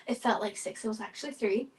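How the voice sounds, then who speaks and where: A young woman co-hosting a casual podcast chat, with a fairly high voice. She is easygoing and often hesitant, filling pauses with ums. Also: a little mellow, poor audio. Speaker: podcast co-host.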